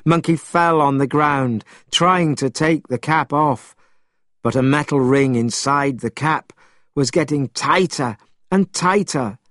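A man reading a storybook aloud, expressive and measured. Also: fairly high pitch, dry recording, clean studio sound. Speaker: narrator.

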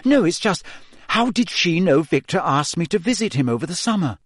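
A man voicing a clever, bossy teenage schoolgirl witch in an audiobook, speaking briskly and sharply. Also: sits high, very animated, no room sound, clean studio sound, voice pushed up. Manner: brisk, sharp and quick to snap.

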